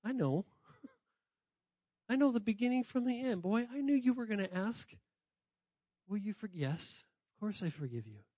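Gentle, patient Jesus, as a male pastor puts him on, soft and reassuring, dry close sound. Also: high voice, expressive, slow, few pauses, dry recording, exaggerated voice. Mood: kindly. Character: kindly, patient Jesus, adult man.

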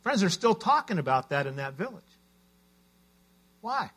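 A man's voice: sits high, very animated, normal speed, fairly bright tone, breathy edge. A man preaching a sermon as a pastor, telling stories in an earnest way.

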